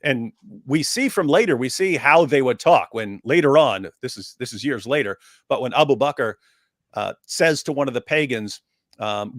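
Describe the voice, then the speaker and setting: A man's voice: mid-range voice, expressive, moderate pace, fairly bright tone, no room sound, studio quality. A man on a call-in livestream panel, making an emphatic argument and often repeating phrases as he builds his point. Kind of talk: livestream discussion, recounting and arguing.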